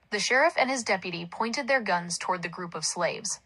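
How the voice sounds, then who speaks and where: A woman narrating a story aloud in a plain, even storytelling manner. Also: on the low side, brisk, few pauses, rough recording.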